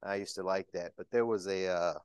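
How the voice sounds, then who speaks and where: A middle-aged deacon preaches in a low, dry voice, folksy and talking straight to the congregation. He is emotional, tearful at times, and keeps things personal and conversational. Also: steady tone, a little fast, smooth, dry recording. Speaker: church deacon. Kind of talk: sermon.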